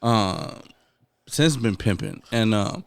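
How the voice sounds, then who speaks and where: A man's voice: lowish voice, slow, vocal fry, no room sound. A man hosting a podcast, telling a rowdy story with lots of swearing and Spanish slang. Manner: profane, animated storyteller, switching between English and Spanish. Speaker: podcast host. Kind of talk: casual chat, telling a drunk story.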